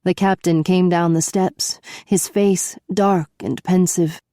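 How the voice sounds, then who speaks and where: A woman narrating an audiobook in a measured, even manner. Her voice is low, dark and mellow, recorded close and dry with no room sound. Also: no room sound. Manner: measured storytelling. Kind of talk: scripted narration.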